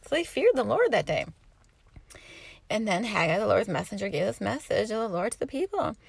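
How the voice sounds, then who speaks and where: Animated, gravelly-voiced woman teaching scripture. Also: mid-range voice, brisk, no echo. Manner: expressive reading, bursts of loud emphasis. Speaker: Bible teacher. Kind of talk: scripture reading with commentary.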